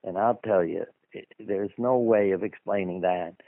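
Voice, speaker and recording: A man's voice: low voice, normal speed, no echo. A man being interviewed as a guest author, telling anecdotes in a conversational, rambling way with asides. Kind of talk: anecdotal storytelling in a radio interview. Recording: dry phone-line audio.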